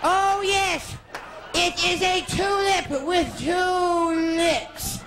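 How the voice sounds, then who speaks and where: A man impersonating a grand, theatrical older female film star, declaiming slowly with a slurred grandeur. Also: very high-pitched, steady tone, raised voice, a crowd in the background, background noise, pitched above the performer's own voice, full character voice. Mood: grandly declaiming. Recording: echoey live room with audience.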